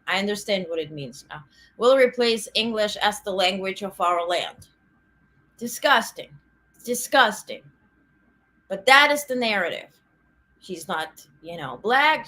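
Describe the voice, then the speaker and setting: A woman's voice: mid-range voice, sharp tone. A woman hosting a political news livestream, ranting indignantly and chatting with live viewers. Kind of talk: casual political commentary.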